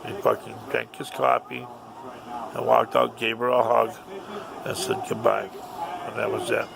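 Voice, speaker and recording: A man's voice: medium pitch, very animated, a little slow, gravelly, pauses often, noisy background. A man casually telling a family story, rambling and heavily profane.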